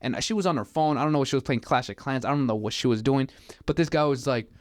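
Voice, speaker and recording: A man's voice: mid-range voice, fast, no echo. A young man in his twenties talks in an easy mid-range voice, recorded close and dry. He rambles through his stories, stacking filler words as he goes. The delivery is loose and conversational. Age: 20s. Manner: rambling, filler-heavy storytelling with many "like"s. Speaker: podcast guest telling stories. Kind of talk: casual podcast chat.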